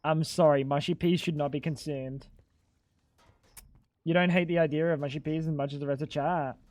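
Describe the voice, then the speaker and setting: A man's voice: a little high, steady tone, normal speed, darkish tone, dry recording. A young adult man streaming a game live, joking and chatting playfully with his viewers. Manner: joking, playful, talks to chat. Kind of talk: casual live-stream chat while gaming.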